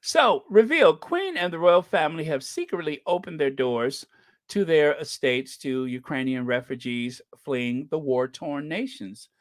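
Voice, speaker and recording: A man hosting a casual livestream, chatting about news in a sarcastic, gossipy, animated way and laughing often. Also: fairly high pitch, measured pace. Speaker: livestream host.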